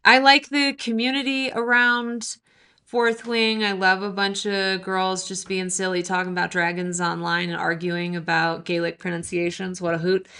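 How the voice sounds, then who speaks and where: Woman cohost, bright sharp voice, joking around, casual chat. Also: mid-range voice, smooth. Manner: playful, joking, candid. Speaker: podcast co-host.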